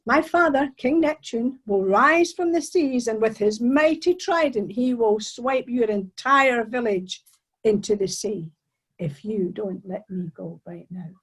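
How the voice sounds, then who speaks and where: A know-it-all mermaid with a proud, bossy tone, put on by a female storyteller. She speaks in a high, breathy voice that lifts theatrically and teases as she lords it over the listener. The delivery is grand and dramatic, full of mischief. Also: a little slow, rough recording. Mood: haughty.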